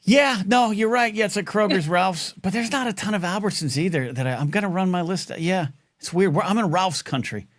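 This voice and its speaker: A man hosts a live call-in talk show, rambling from one thought to the next and tripping over his own restarts. His voice sits a little high for a man. It is recorded close and dry, with no room sound. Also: brisk, no echo. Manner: rambling, excitable, many restarts. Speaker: host.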